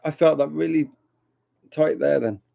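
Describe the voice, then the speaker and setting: Slow, mellow man on a livestream. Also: fairly high pitch, creaky. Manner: rambling, chatty, laughs often, teases viewers. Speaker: livestream host reading chat. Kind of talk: casual live chat with viewers. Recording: dull lo-fi home stream audio.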